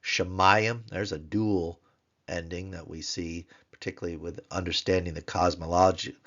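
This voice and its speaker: Deep-voiced male tutor, patient and repetitive, dull muffled recording. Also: a bit bright. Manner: patient, repeats words slowly for pronunciation drill. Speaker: Biblical Hebrew tutor. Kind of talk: recorded grammar lesson.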